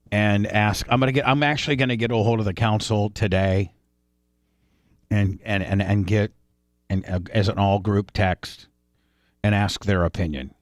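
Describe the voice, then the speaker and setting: A man hosting a radio show, joking and swearing in casual banter with frequent halting restarts. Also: on the low side, dry recording, studio quality. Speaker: radio host. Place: radio studio. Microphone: studio microphone.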